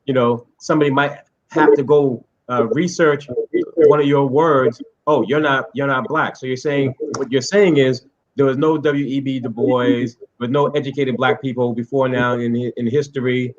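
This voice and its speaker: A man joining a casual panel discussion, speaking at a slow, measured pace. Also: medium pitch, steady tone, a little mellow, muffled recording. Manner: measured, deliberate speech.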